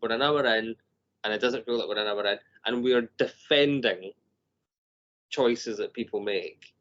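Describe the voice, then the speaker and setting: A man's voice: medium pitch, a little slow, fairly bright tone. Chatty man with a ready laugh. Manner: chatty, laughs often, rambling restarts. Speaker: filmmaker guest. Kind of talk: casual chat. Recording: dull lo-fi podcast audio.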